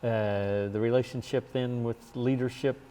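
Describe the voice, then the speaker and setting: A man interviewing a former legislator for an oral history, asking gentle follow-up questions. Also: medium pitch, fairly even intonation, moderate pace, long reverb tail.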